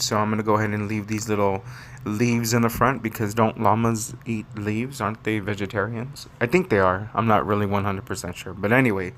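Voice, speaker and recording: Low-voiced male craft host, chatty and rambling. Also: fairly bright tone, a little hiss or hum. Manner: chatty, rambling, fond of pet phrases. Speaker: papercraft tutorial host. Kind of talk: casual step-by-step craft demo.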